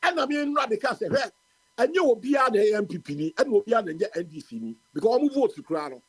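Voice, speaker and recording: A Ghanaian man delivers heated radio commentary, mixing Twi with English. His voice sits high and swoops widely, and it has a husky edge. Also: sing-song, fast talker, no room sound, rough recording. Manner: impassioned, ranting. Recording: radio phone-in stream.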